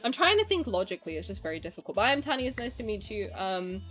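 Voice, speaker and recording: A woman's voice: medium pitch, sing-song, quick pace, fairly bright tone, soft background music. A young English woman streaming live, chatting frankly and emotionally, ranting and swearing as she greets her viewers. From England. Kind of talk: casual livestream chat.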